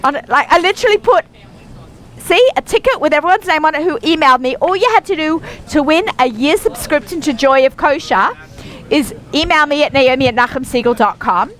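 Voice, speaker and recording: A woman's voice: sits high, lively intonation, brisk, fairly bright tone. A middle-aged woman from Australia hosting a radio show, chatting in a bubbly way with many fillers, recorded live in a busy store. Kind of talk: casual chat. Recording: faint store noise behind.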